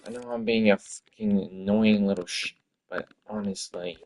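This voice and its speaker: A man's voice: on the low side, fairly even intonation, normal speed, a little mellow. A man streaming his game-development work, talking to himself in an exasperated, swearing rant. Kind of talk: livestream commentary while working.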